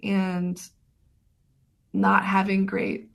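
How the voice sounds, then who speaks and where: A woman's voice: medium pitch, completely flat delivery, drawn-out words, vocal fry, highs cut off. A woman documentary filmmaker being interviewed on radio, talking thoughtfully with many fillers and restarts.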